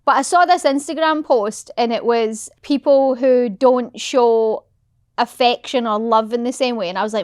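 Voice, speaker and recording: A high-voiced British woman co-hosts a podcast in casual chat, blunt and teasing, swearing freely. Her voice sits close and dry on the mic, with no room sound at all. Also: moderate pace, clear, resonant tone, dry recording. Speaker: podcast co-host.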